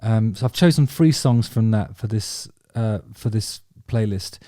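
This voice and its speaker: A man's voice: lowish voice, a little slow, mellow, dry recording, studio quality. A man chatting casually about favourite songs, rambling and enthusiastic, with many ums and restarts. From England. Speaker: vlog host talking about music.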